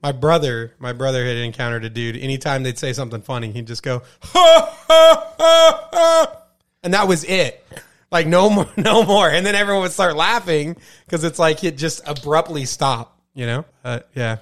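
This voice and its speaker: Podcast co-host, young male, slightly high voice, excitable casual banter, big pitch jumps. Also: brisk. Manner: excitable, says dude a lot, big pitch jumps when joking.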